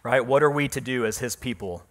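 A man pastor preaching a sermon, reading scripture and explaining it, getting louder and slowing down on the key words. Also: medium pitch. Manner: emphatic preaching, rising loud on key phrases, slowing for stress.

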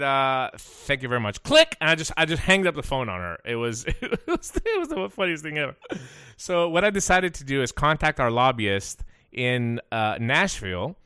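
A man hosts a talk radio show, ranting and cursing as he tells his stories. His voice swings widely up and down and has a bright, forceful edge. The sound is close and dry. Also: mid-range voice, smooth, no echo. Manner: fired up, profane, animated storytelling.

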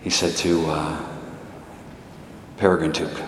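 A man's voice: mid-range voice, expressive, moderate pace, noisy background. A man, a priest, preaching a sermon in an emphatic way, repeating short exhortations. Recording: echoey hall reverb.

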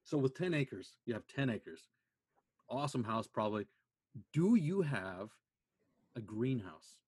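An eager male interviewer keeps the chat loose and agrees readily with his guest. His voice is somewhat husky and sits at an ordinary pitch. The sound is close and dry. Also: sing-song, measured pace, darkish tone, dry recording. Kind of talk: casual conversation.

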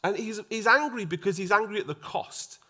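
A man preaching a sermon, acting out the voices in the story and dropping to a soft hush for emphasis. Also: high voice, a little fast. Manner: animated, acts out quoted voices, drops to a soft hush for emphasis.

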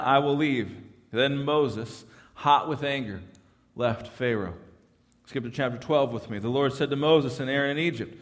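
A man's voice: medium pitch, long reverb tail. A man preaching a sermon as pastor, speaking emphatically and often restarting his phrases. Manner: emphatic, repeats words when restarting. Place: church sanctuary.

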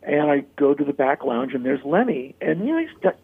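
A man with a somewhat high, gravelly voice and a husky edge tells a story in a casual interview. He talks animatedly, with plenty of "like" and "you know". The sound is thin and phone-like. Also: a little fast. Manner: animated, acts out quoted voices, many "like" and "you know" fillers. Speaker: interview guest. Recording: phone-like narrow-band audio.

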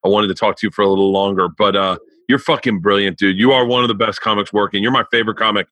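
A man's voice: lowish voice, steady tone, fast talker, sharp tone, no room sound. A man hosting a podcast, chatting casually with lots of swearing and stammered restarts. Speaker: podcast host. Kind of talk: casual interview chat.

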